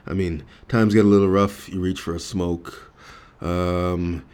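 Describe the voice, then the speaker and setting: A man's voice: deep voice, flat delivery, a little slow, darkish tone, smooth. A man co-hosting a comedy podcast, rambling and joking with lots of fillers and restarts. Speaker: podcast co-host. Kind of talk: casual comedic podcast banter.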